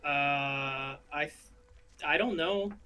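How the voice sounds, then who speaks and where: A man's voice: a little high, slow pace, pushed and bright, a little hiss or hum. A man playing a tabletop game, chatting hesitantly and laughing easily. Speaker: player. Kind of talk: casual chat at a game table.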